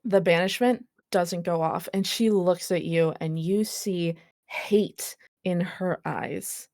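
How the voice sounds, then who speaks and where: Woman game master narrating, low voice. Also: slow pace, darkish tone, dry recording, studio quality. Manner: casual, laughing, apologetic asides.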